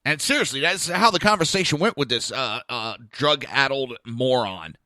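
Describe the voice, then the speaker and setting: Middle-aged man, podcast host, profane mocking rant, lively swings, bright forceful voice, dry close sound. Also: mid-range voice, normal speed, no room sound. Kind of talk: ranting political commentary.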